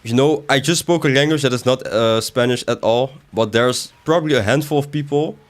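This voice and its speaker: A man's voice: mid-range voice, fairly quick. A young man chatting casually while he streams a video game, joking back at chat, his voice jumping up when he protests. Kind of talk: live gaming stream commentary, reading chat.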